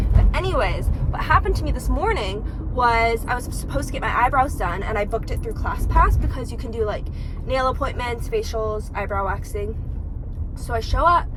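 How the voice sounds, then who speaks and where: A young woman in her twenties chats into her phone for a vlog, her voice sitting a little high. She rambles and acts out little quoted exchanges, packing every sentence with "like". Plenty of background noise comes through around her. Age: 20s. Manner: chatty, lots of "like", acts out quotes. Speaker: vlogger. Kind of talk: casual vlog chat.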